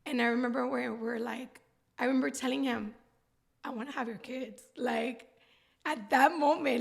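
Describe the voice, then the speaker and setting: A woman's voice: on the high side, fairly even intonation, moderate pace, creaky. A woman in her thirties, a guest telling her story candidly in a heartfelt, rambling way. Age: 30s. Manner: heartfelt, rambling, with frequent laughs. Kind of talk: candid personal interview talk.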